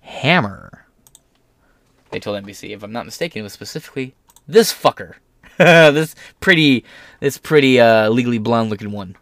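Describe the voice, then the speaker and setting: A man's voice: mid-range voice, expressive, normal speed, a bit bright, no echo. A man giving casual, profane political commentary, sarcastic and mocking, often slipping into put-on voices to mimic others.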